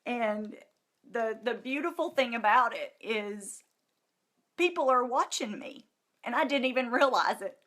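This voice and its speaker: Brief: middle-aged woman, slightly high voice, emotional gushing testimonial, near tears. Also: lively intonation, a little slow, a bit bright. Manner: gushing, emphatic and repetitive. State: close to tears. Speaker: vlogger.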